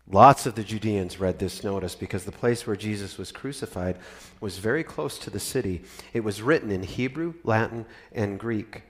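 A man narrating a dramatic scripture reading with expressive, varied emphasis. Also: on the low side, normal speed. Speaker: scripture reader.

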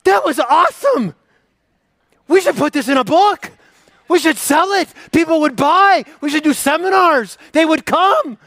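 A man's voice: very high-pitched, lively intonation, measured pace, fairly bright tone, dry recording, pitched above the performer's own voice, full character voice. A preacher voicing a sarcastic, mock-cheerful man who gushes with exaggerated enthusiasm.

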